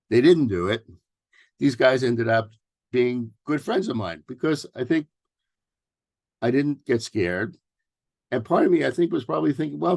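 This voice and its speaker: A man in his sixties from New York City giving a relaxed workshop talk as a therapist, mixing advice with personal stories and often pausing on fillers and restarts. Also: lowish voice, creaky, no echo, studio quality. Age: 60s. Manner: loose and conversational, with many fillers and restarts. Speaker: workshop presenter, family therapist.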